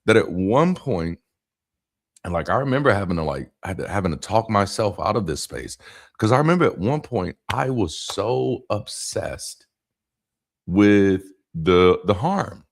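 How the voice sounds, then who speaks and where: A man talking to camera in a casual spoken monologue, animated, with rhythmic emphasis and frequent restarts and asides. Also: fairly low pitch, unhurried, creaky. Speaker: YouTube commentator.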